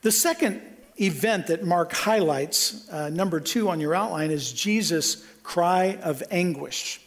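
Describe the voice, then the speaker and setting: A man's voice: sits high, unhurried. A middle-aged man from Kansas preaching a sermon, earnest, with frequent restarts and a voice that rises for emphasis. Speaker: pastor.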